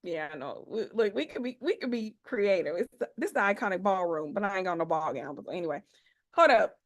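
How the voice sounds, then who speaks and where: A woman in her forties hosts an online expo over a video call, talking in a playful, chatty, slangy way and hyping up her audience. Her mid-range voice is expressive and fairly quick.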